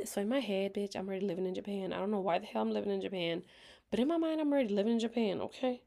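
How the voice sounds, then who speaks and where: A woman casually telling a personal story to her viewers, candid and expressive, swearing freely and slipping into half-whispers, with a dry throat she keeps clearing. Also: mid-range voice, quick pace. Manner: talks in bursts, often drops to a half-whisper. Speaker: vlogger.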